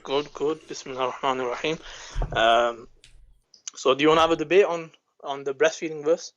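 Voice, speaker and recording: A man calling in to a debate, calm and methodical, citing scholars with frequent hesitations. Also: a little high, fairly quick, dull audio. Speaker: caller. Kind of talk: measured debate with scholarly citations.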